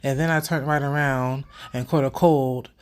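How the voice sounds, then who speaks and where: Young woman vlog host, slightly stuffy, animated and profane, chatting directly to camera. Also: a bass voice, moderate pace. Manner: animated, profane, talks straight to viewers. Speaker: vlogger host. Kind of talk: casual opinion commentary.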